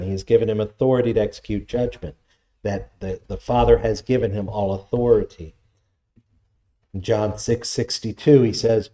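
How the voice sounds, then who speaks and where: A man's voice: on the low side, mellow. A man preaching a sermon, reading scripture aloud and explaining it in an earnest, emphatic way.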